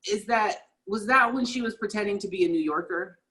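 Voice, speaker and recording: A podcast co-host chatting casually about a TV show, emphatic and animated, often repeating words as they gather their thoughts. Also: medium pitch, a little fast.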